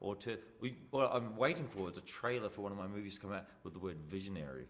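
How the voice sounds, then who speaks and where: A man in his forties with a New Zealand accent, joking through a film interview in a deadpan, sarcastic way with sudden loud outbursts. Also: lowish voice, fast, a little hiss or hum. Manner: deadpan sarcastic wit with sudden shouted bits. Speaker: film director being interviewed.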